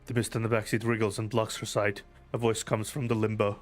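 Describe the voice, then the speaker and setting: Man, streamer, fairly low voice, teary-eyed, reads game story aloud, faint music. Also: little pitch movement, a little fast. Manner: reads story text aloud, laughs and swears easily. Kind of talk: reading game text on stream.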